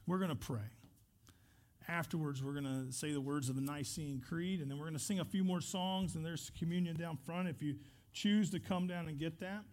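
A man's voice: fairly high pitch, moderate pace, a little mellow. A man pastor leading a church service, telling a story and praying in an earnest, conversational way with restarts. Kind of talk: church service talk and prayer.

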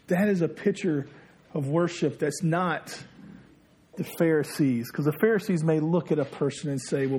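Husky-voiced man telling a story in a sermon. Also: a little mellow. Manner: conversational storytelling, quoting others in lowered voice. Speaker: pastor.

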